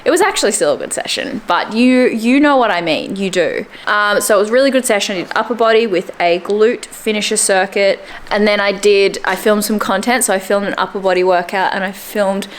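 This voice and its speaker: A woman's voice: brisk, few pauses. A young woman talking casually to camera about her day at home, chatty and upbeat. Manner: chatty and upbeat, drifting into squeaky baby talk for her dog. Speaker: fitness vlogger. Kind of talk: casual vlog chat to camera.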